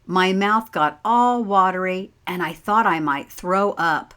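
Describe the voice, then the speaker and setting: A woman reading a children's picture book aloud as a teacher, pausing to ask the listeners simple questions. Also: fairly low pitch, a bit bright, clear, resonant tone. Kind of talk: slow read-aloud storytime with questions.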